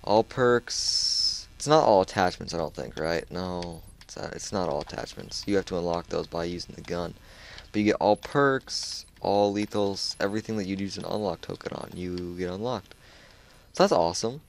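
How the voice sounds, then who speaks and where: A man's voice: low voice, moderate pace, creaky, a little hiss or hum. A man chatting casually over his own gameplay, laid-back and loose, full of dude and like. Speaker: gamer sharing a match.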